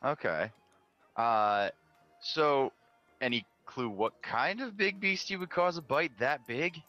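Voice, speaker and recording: A man's voice: mid-range voice, slow pace, no room sound, lo-fi sound, faint music behind. A man playing a tabletop game, asking curious questions in character. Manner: curious, asks many questions, lively. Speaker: player.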